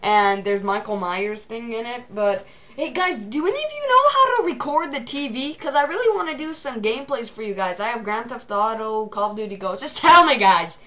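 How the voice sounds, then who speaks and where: A teenage girl giving excitable gameplay commentary, often shouting at the game. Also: a little high, a little fast, a little hiss or hum.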